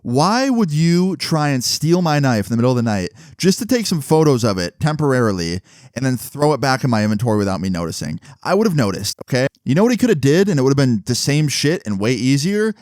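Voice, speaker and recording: A young man spins a story for his viewers in a bare, dry-sounding space, his voice sitting at an ordinary middle pitch. He gets animated as he goes, swears freely and keeps tossing rhetorical asides straight to the audience. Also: fast, dry recording. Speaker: storytelling vlogger. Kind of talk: casual storytime monologue.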